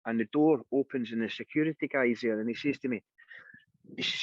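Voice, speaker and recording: A Scottish singer being interviewed, telling anecdotes in a casual, animated way and acting out the voices of the people in them. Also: male voice, mid-range voice, fairly quick, dry recording. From Scotland. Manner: lively anecdotal storyteller, acts out quoted voices. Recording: dry, dull lo-fi sound.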